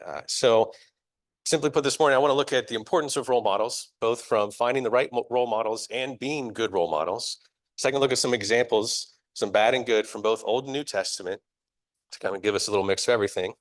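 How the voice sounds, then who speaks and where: Young man preaching a casual sermon. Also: medium pitch. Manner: casual, self-deprecating and chatty, laughing at himself. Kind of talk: conversational sermon. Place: church sanctuary, live.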